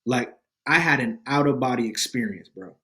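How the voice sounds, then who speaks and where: A man guesting on a podcast, telling a personal testimony in casual slang with lively energy. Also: mid-range voice, normal speed. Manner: slangy, animated, addresses listeners as bro and fam.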